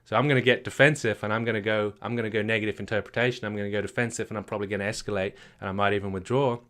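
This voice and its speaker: Man coaching couples, low voice. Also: steady tone, rapid-fire, fairly bright tone. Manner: emphatic, rhetorical questions, many repeated words. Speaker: marriage coach. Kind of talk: live retreat session, teaching.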